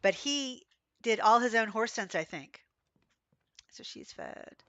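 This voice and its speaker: A hoarse woman with a cough chats her way through a gameplay stream, rambling from one story to the next. Her voice is bright and a little sharp even through the sickness, and the sound is close and dry, with no room around it. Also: a little high, takes it slowly, no room sound, highs cut off. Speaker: game streamer. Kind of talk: casual livestream chat while playing.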